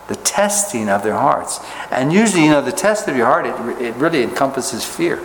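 A man's voice: mid-range voice, animated, a little fast. A male pastor preaching in a long-echoing church sanctuary, with faint ambient noise in the background. He speaks in a folksy, conversational way and keeps turning to his listeners with rhetorical questions. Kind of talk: sermon with scripture reading.

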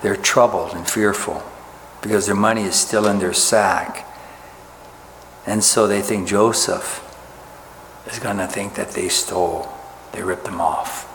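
A man's voice: on the low side, steady tone, unhurried, long pauses, a bit bright. A man preaching a sermon, reading scripture and explaining it in a folksy, conversational way, often asking his listeners rhetorical questions. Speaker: pastor. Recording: echoey hall with faint ambient noise.

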